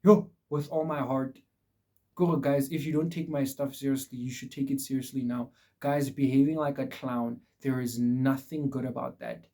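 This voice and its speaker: A man's voice: medium pitch, fairly even intonation, moderate pace, warm tone. A young man vlogging life advice straight to his viewers, emphatic and repetitive, calling them guys. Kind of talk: casual direct-to-camera advice talk.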